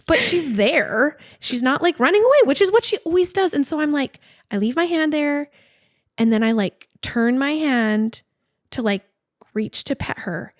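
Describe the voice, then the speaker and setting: High-voiced animated woman in her forties. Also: normal speed, no echo, clean studio sound. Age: 40s. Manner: animated storytelling, many "like" fillers. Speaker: podcast co-host. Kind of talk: casual chat.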